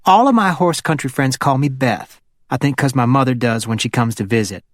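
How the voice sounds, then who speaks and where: A man's voice: a little fast, no room sound, clean studio sound, lightly acted. A man voicing a playful, flirty wealthy woman in her fifties with a Hollywood Southern accent, chatty and teasing. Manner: teasing and chatty, sliding up into a higher voice.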